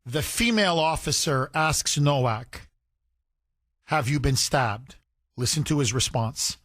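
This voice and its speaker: A man's voice: medium pitch, a little slow, fairly bright tone, no echo, clean studio sound. A man hosting a talk radio show, giving emphatic, indignant commentary and mimicking the people he talks about.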